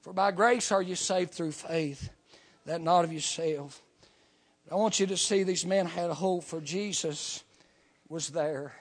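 A man, preaching a revival sermon. He tells his testimony in short rhythmic bursts, tagging almost every phrase with "amen". He climbs to full shouts and then drops to hushed, low lines. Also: a little slow. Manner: swings from shouting to near whisper.

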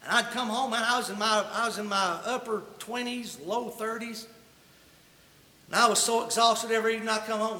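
A man's voice: sits high, quick pace, pushed and bright. A man preaching a sermon, telling a humorous personal story in a folksy, colloquial way. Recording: echoey hall reverb.

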